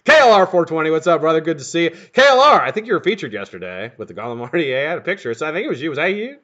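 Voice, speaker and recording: Lively, bright-voiced profane male streamer. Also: a little high, racing. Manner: profane, rambling, jokey. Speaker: live-stream host. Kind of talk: casual live-stream chat greeting viewers. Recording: dull lo-fi stream audio.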